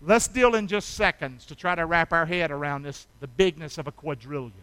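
A man preaching a sermon as pastor, animated and calling on the congregation to respond, swinging from hushed intimacy to loud shouts. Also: a little high, a little fast, clean tone, no echo. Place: church.

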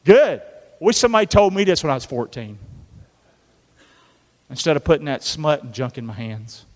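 Animated preacher in a reverberant hall. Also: male voice, fairly high pitch, normal speed. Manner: animated, call-and-response preaching with acted-out biblical voices. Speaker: pastor. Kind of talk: sermon.

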